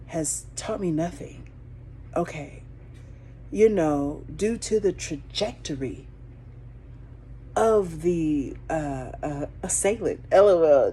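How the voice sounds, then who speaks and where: A woman with a fairly low voice tells a story from her week in a casual, chatty way. She acts out her own panic with sudden high, loud bursts and drops to hushed asides. A faint hiss sits under the recording. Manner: animated, jumps into high excited voices when acting out her panic. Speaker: podcast host.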